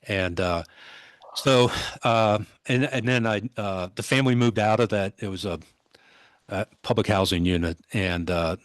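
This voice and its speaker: Low-voiced older man telling a police story. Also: dry recording. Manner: vivid, halting retelling with many restarts. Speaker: podcast guest, former police officer. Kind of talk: conversational storytelling.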